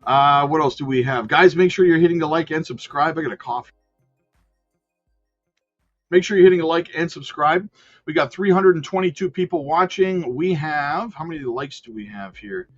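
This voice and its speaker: A man's voice: on the high side, normal speed. A man hosting a casual crypto livestream, chatting with viewers and reading their comments aloud. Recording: dull lo-fi sound with faint music.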